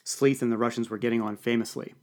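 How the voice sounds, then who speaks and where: A man reading a novel aloud in a dry, even first-person narration. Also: mid-range voice, quick pace. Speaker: audiobook reader. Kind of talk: scripted narration.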